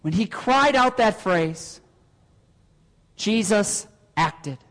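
Man preaching in a church, really high voice, long echoey reverb, asks lots of questions. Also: expressive, extremely slow, fairly bright tone. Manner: earnest preaching with rhetorical questions. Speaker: pastor. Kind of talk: sermon.

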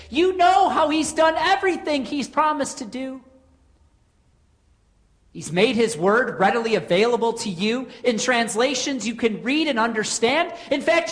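A woman preaching a sermon in an earnest way, posing rhetorical questions with dramatic pauses. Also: high voice.

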